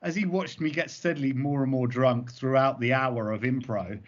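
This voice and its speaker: A male comedy performer giving interview answers as an animated, rambling storyteller. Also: medium pitch, normal speed. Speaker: comedy double-act performer. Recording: dull lo-fi recording.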